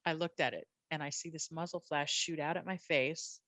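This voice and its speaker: A woman police officer telling her story as a guest, animated and blunt, often repeating her words. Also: low-pitched, normal speed, no echo. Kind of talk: candid personal storytelling.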